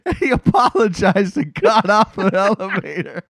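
A man's voice: fairly high pitch, big pitch swings, normal speed, no room sound. A man telling a profane, self-mocking story in a casual podcast chat.

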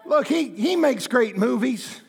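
A pastor in his fifties preaching a sermon in church, impassioned and folksy, with bursts of shouting. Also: very high-pitched, expressive, unhurried, vocal fry, husky. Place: church sanctuary.

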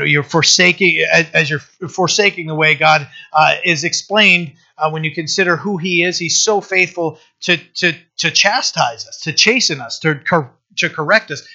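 A man delivers a sermon, reading scripture and then unpacking it in easy, conversational speech. His voice is on the higher side and forceful in tone. The recording is somewhat muffled and lo-fi. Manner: conversational, asks the room "right?" often; reads scripture aloud, then explains it. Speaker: preacher.

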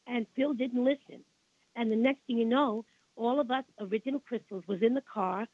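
Over a tinny phone line, an older woman with a Brooklyn accent tells long, rambling stories as a guest in a radio interview. Her voice is fairly high, at a moderate pace with no room sound, and she repeats herself while sounding indignant about the past.

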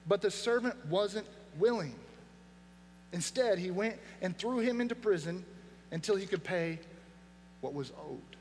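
A man preaching a sermon as pastor, earnest and emphatic, dropping his voice low for weight. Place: church sanctuary. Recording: long hall reverb, faint mains hum.

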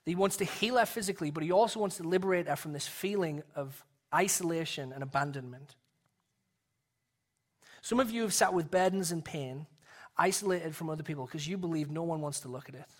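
Male pastor, 30s, higher-pitched voice; earnest sermon delivery with soft hushed stretches. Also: a little fast. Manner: earnest, drops to a soft hush for emphasis.

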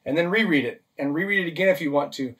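A man delivers a sermon as a pastor, walking his listeners through numbered steps and checking in often with "okay?" and "right?". His voice sits a bit high for a man, and he sounds set back from the microphone. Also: quick pace, fairly bright tone, distant mic. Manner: practical, list-driven teaching with frequent "okay?" and "right?" check-ins.

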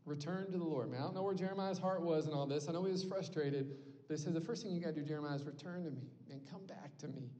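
Speaking quickly in a slightly high, warm voice, a young preacher delivers a sincere, conversational sermon to a campus ministry group. He keeps checking in with "right?", and a long hall reverb colors the recording.

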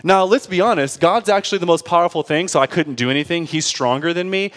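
A young man preaching a sermon in a conversational, animated way, often checking in with his listeners. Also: fairly high pitch, quick pace. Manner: conversational, animated, with laughs and frequent "right?". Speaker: pastor.

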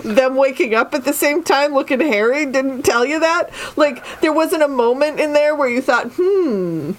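Sardonic female podcast co-host with a high voice, rambling through a book recap with salty asides. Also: normal speed. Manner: rambling, sardonic, swears freely. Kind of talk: casual book discussion.

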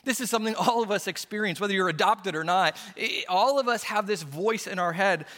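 A male pastor delivers a sermon in a church, his voice high and bright. He tells personal stories and acts out the quotes with playful energy. The sound carries a long hall reverb. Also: a little fast. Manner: storytelling with playful acted-out quotes.

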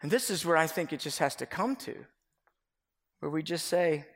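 A middle-aged man preaching a confessional sermon as pastor, earnest and swinging between loud and hushed. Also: a little high, expressive, moderate pace. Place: church sanctuary. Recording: echoey hall with long reverb.

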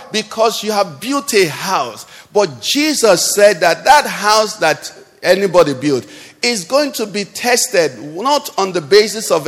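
In a reverberant church hall, a male pastor with a high, fairly bright voice delivers a sermon. He preaches with call-and-response, putting questions to the congregation.

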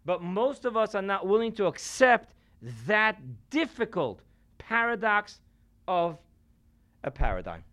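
A man, a rabbi, giving a sermon to a live audience in a room, telling stories and shifting from loud emphasis to quiet asides. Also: high voice, big pitch swings, measured pace.

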